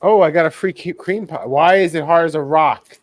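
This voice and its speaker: A man co-hosting a podcast in casual chat, halting and groping for words. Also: a little high, dry recording. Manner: halting, loses his words. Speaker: podcast co-host.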